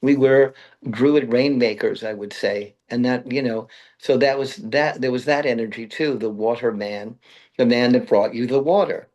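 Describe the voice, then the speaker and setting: A man's voice: medium pitch, fairly even intonation, normal speed, darkish tone, highs cut off. A man from Brooklyn, a guest in an interview, telling long rambling anecdotes and laughing at his own stories. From Brooklyn, New York. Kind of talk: interview conversation.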